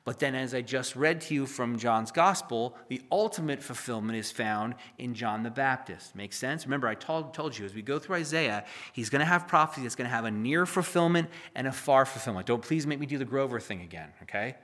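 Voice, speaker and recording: Bright-voiced pastor teaching scripture. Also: male voice, animated, brisk, few pauses. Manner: swings from loud scripture reading to low asides; conversational, jokes with the congregation. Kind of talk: expository sermon teaching.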